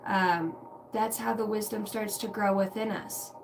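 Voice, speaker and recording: A woman's voice: medium pitch, fairly even intonation, a little slow, creaky. A woman hosts an intuitive reading livestream, drifting from thought to thought in a reflective, chatty way with the odd curse word. She sits some distance from the mic. A faint hum of background noise lingers under her voice. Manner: meandering, reflective, casually profane. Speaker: tarot and intuitive reader.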